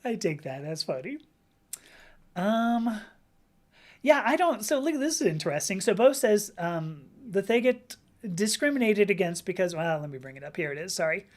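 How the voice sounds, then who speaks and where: A woman hosting a live stream, talking in a rambling, animated way, reading out viewer comments and acting out little quotes as she goes. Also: medium pitch, moderate pace. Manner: rambling, animated, with frequent restarts and acted-out quotes.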